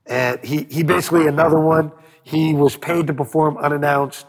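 A man with a husky, slightly breathy voice tells stories in an interview, acting out what others said. He swears freely and keeps the stories moving. His voice trails off in a long reverb. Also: fairly high pitch, moderate pace. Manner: animated storyteller, acts out quotes, swears freely. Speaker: record producer guest. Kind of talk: storytelling interview.

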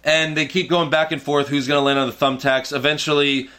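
A man with a bright, forward voice pitched a little above the usual runs through a recap in relaxed podcast chat. He keeps it loose and jokey, moving from one moment to the next. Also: fairly quick. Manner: laid-back, jokey play-by-play recap. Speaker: podcast co-host recapping wrestling. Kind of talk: casual chat.

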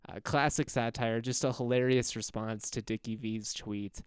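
A man's voice: medium pitch, steady tone, normal speed, smooth, no room sound, clean studio sound. A young man hosting a casual college basketball podcast, rambling and chuckling as he talks. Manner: rambling, chuckling, self-correcting. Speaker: podcast host. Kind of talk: casual sports podcast talk.

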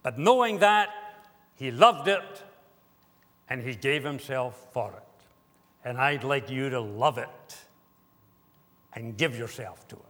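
A man preaching a sermon as pastor, slow and deliberate with emphatic pauses. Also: mid-range voice, expressive, a bit bright. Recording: long hall reverb.

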